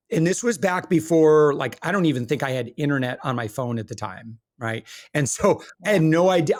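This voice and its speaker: A middle-aged man telling his business story as a podcast guest, candid and self-deprecating, with many fillers and restarts. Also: fairly high pitch. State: briefly choked up. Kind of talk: conversational interview storytelling.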